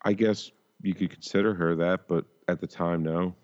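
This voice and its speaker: A low-pitched man speaks in a steady tone at normal speed, his voice a little mellow with the highs cut off. He's co-hosting a podcast full of casual, crude banter, rambling through memories, swearing, and trailing off mid-sentence.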